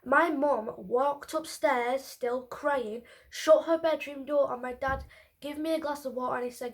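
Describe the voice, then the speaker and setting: A woman's voice: high voice, steady tone, unhurried. A woman vlogging, telling a personal story to camera in a candid, emotional way with casual swearing.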